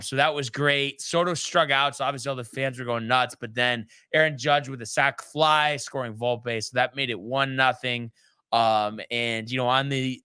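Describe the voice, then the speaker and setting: A man's voice: mid-range voice, pushed and bright, smooth, dry recording. A man hosting a sports talk show, recapping games in a loose, chatty way with many ums and restarts. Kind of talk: casual sports recap chat.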